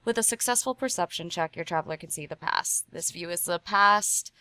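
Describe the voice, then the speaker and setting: A woman's voice: lowish voice, brisk, bright, forceful tone, clean tone, no room sound. A bubbly, giggly woman playing in a tabletop game, chatting casually on a remote home mic.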